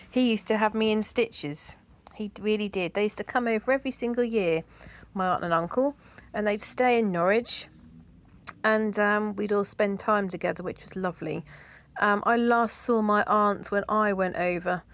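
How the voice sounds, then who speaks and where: A woman's voice: medium pitch, normal speed, no echo. A middle-aged woman chatting in a rambling way, with asides and laughter, as a decluttering vlogger. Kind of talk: casual chat.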